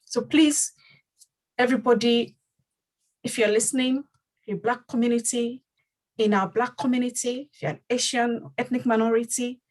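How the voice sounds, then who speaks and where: Hosting a panel discussion, this community leader speaks at a normal speed in a fairly high, fairly even voice, leaving long pauses. She is earnest and repeats phrases for emphasis, and the recording is low quality.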